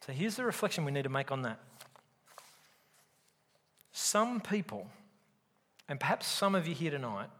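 With a fairly high, bright, sing-song voice, a man delivers a sermon at normal speed, letting long pauses hang. He is emphatic before the live congregation, posing questions to them, and the hall reverberates.

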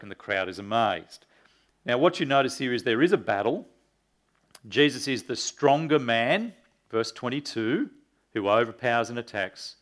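A man's voice: mid-range voice, a bit bright. A man preaching a sermon in an earnest teaching tone, reading scripture aloud and asking his listeners questions. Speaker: pastor.

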